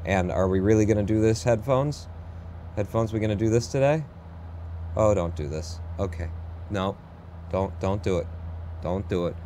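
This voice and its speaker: A man giving live commentary while he plays through a speedrun, excitable and talking quickly, with sudden jumps in pitch. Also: a little hiss or hum. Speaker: speedrunner streamer.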